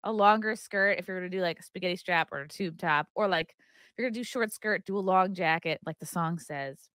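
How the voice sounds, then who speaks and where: A woman hosting a podcast, chatting casually with quick, joking asides. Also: fairly low pitch, a bit bright, smooth, no echo, clean studio sound. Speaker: podcast host. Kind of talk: casual chat.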